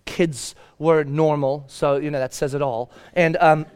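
A middle-aged man preaching a sermon, telling a family story and acting out his own shouting. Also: fairly high pitch, steady tone, measured pace, clean tone. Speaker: pastor.

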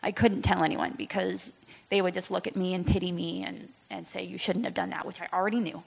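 A young woman in her twenties giving a candid personal testimony in church, talking with many fillers and pauses. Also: on the low side, level tone, creaky, slightly rough. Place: church hall. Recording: long hall reverb.

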